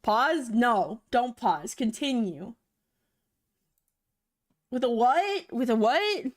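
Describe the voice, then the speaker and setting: A woman's voice: a little high, very animated, drawn-out words. A young woman live-streaming, chatting loosely with her viewers, rambling and swearing casually into a desk mic.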